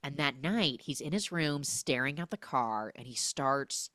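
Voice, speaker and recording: A young adult woman hosting a podcast, recapping a film in a casual, animated storytelling way. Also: very deep voice, a little slow, dry recording, studio quality. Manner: animated storytelling, acting out characters. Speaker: podcast host.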